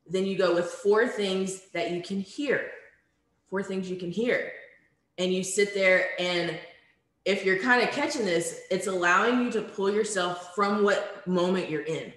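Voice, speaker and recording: A woman's voice: mid-range voice, a little slow, a bit bright. A woman leading a virtual conference training session from home, talking in a friendly, conversational way with frequent ums. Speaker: workshop facilitator. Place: home room. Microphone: video call. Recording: echoey room.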